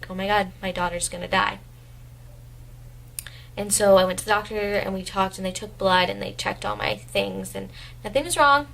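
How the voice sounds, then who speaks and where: Young female vlogger, rambling and emotional storyteller, average pitch. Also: vocal fry, a bit bright, rough recording. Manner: emotional, rambling retelling with many "I was like" quotes. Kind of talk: personal storytelling vlog.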